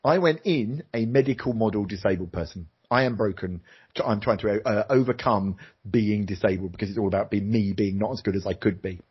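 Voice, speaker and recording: A middle-aged man, an interview guest and former TV presenter, telling a personal story candidly and animatedly, jumping into high voices for quoted lines. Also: a little fast, breathy edge. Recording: slightly dull lo-fi sound.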